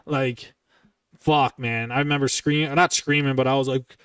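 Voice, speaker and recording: A man in his twenties hosting a podcast speaks at a moderate pace in a steady, clear, resonant mid-range voice that's a bit bright. He rambles through a long story, heated and very profane, in casual chat. The dry recording places him somewhat far from the mic.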